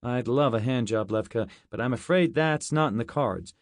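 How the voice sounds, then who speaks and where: A man's voice: mid-range voice, expressive, normal speed, no room sound, studio quality, natural voice. A man playing a sly American commander. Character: smug, scheming American commander.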